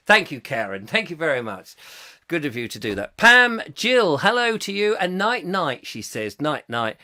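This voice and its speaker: A bright-voiced man from southern England hosts a live comic chat show and reads out viewer comments. He rambles and giggles and pokes fun at himself, in a high register. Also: very animated, normal speed. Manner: giggly, rambling and self-mocking. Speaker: host.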